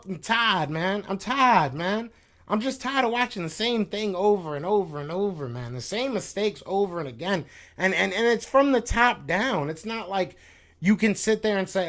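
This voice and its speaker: A man's voice: sits high, expressive, normal speed, fairly bright tone. A man hosting a sports podcast live stream, venting in a frustrated, slangy, repetitive casual rant. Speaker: podcast host reacting to chat.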